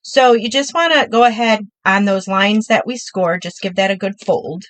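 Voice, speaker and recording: A woman's voice: mid-range voice, normal speed, a bit bright, no room sound, rough recording. A middle-aged woman hosting a live crafting demo, chatty and upbeat, talking through each step while she works.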